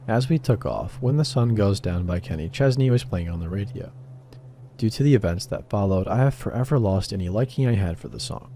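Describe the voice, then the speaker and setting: A man reading a first-person horror story as scripted narration, measured and wry. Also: on the low side, dark tone, slight background noise.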